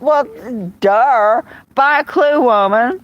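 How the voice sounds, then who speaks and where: A woman's voice: fairly high pitch, expressive, slow pace, dull audio. A woman hosting a casual live stream, chatting bluntly and rambling while answering viewers' comments. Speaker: live-stream host reading chat.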